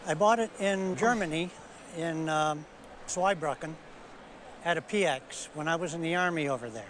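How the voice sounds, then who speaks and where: Older guy on an appraisal show, kinda high voice, plain talk, noisy recording. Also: normal speed, a bit bright. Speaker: guest at an appraisal. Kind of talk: TV appraisal interview.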